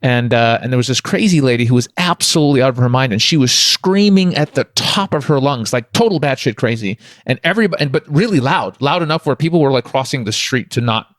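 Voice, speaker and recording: A man from Toronto, a guest on a podcast, rattles off a personal spiritual story at a quick clip. His talk rambles but stays candid. The sound is dry and close, with no room around it. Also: mid-range voice, animated, no room sound. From Toronto, Canada. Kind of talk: conversational storytelling.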